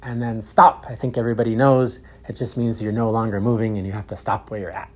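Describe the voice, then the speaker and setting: A man teaching English, with clear, deliberate repeat-after-me drills. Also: on the low side, flat delivery. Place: outdoors in a park.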